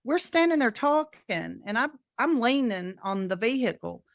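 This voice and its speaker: A middle-aged woman telling a story on her podcast, lively, slipping into other people's voices for the quotes. Her voice sits a little high. The sound is close and dry. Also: normal speed, no echo. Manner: animated storyteller, acts out quotes. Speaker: podcast co-host. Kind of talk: casual chat.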